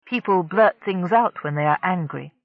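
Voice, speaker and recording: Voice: medium pitch, normal speed, vocal fry, dry recording, lo-fi sound, close to an everyday voice. The narrator voicing a reassuring, patient female starship mind in an audiobook. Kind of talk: audiobook character voice.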